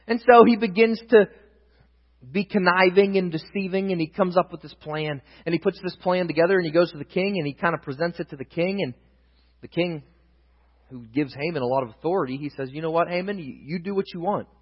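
A man preaching a sermon, retelling scripture as a story with dramatic swings between loud emphasis and hushed asides. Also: high-pitched, fairly quick, slightly rough. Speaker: pastor. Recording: dull echoey hall, long reverb.

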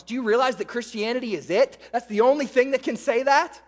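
Male pastor, very high voice, slow emphatic sermon delivery, echoing in a reverberant hall. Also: animated. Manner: fired-up, emphatic preaching with repeated phrases.

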